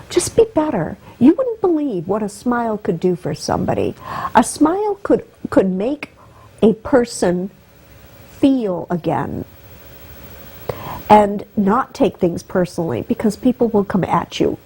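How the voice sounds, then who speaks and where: A woman guest shares an emotional personal story, her voice rising and breaking with heartfelt feeling. Her voice is fairly high with a dark tone and a breathy edge, captured in a low-quality recording.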